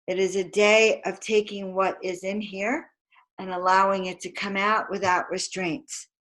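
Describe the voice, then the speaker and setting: A woman's voice: medium pitch, flat delivery, a little slow, fairly bright tone, poor audio. A woman spiritual teacher giving a live motivational talk, chanting affirmations and calling out questions to her audience. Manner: emphatic, chanting affirmations, calls and responses. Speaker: spiritual teacher and card reader.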